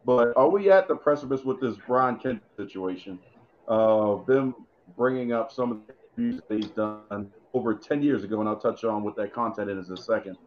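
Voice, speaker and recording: A man's voice: on the low side, moderate pace, a little hiss or hum. A man co-hosting a casual wrestling chat, rambling and thinking aloud with many fillers. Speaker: podcast co-host. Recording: muffled lo-fi audio.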